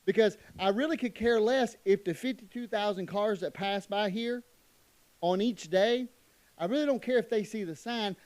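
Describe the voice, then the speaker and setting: A middle-aged man preaching a church sermon, emphatic, moving between loud declarations and quiet asides. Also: high voice, moderate pace, dry recording. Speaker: pastor.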